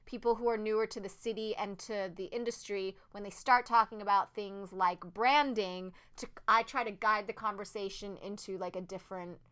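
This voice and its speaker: A woman who acts on stage, talking as a podcast guest, earnest and animated, with many "like"s and restarts. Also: medium pitch, normal speed, few pauses, smooth. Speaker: Broadway actress, podcast guest. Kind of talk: casual interview chat.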